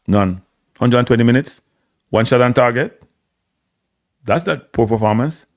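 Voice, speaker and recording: Recorded at studio quality with no room sound, a Jamaican-accented man offers opinionated football commentary alone, his medium-pitched voice measured and broken by long pauses. He hammers points home by repeating phrases and drifts into patois.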